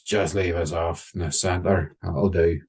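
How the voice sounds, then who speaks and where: A man playing a gruff, secretive hitchhiker who answers in curt, unfriendly snaps. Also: low voice, steady tone, a little slow, a little mellow, exaggerated voice.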